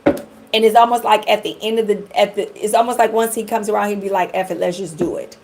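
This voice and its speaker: A woman's voice: mid-range voice, steady tone, fast talker, darkish tone, low-quality recording. A middle-aged woman from the Detroit area giving a live tarot reading, chatting and rambling straight to her viewers. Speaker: tarot reader.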